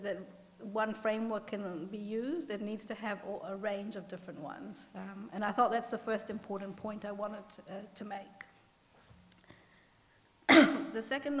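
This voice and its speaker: New Zealand woman presenting in a hall. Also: mid-range voice. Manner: earnest, self-deprecating, many fillers and restarts. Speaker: symposium panel speaker, economist. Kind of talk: conference presentation. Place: conference hall. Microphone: podium mic. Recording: long reverb from a hall.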